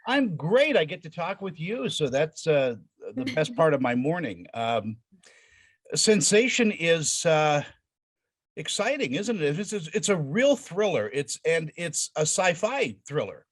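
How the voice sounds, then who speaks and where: Man hosting an interview, higher voice, very animated pitch, eager, repeats words. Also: unhurried, breathy edge. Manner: enthusiastic, repeats words while searching for them. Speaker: interview host. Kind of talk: casual interview chat.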